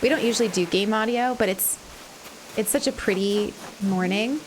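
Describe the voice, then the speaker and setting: A young woman streamer chatting casually and warmly thanking her viewers, getting emotional and laughing at herself often. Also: mid-range voice, moderate pace, a little hiss or hum. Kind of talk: casual live-stream chat.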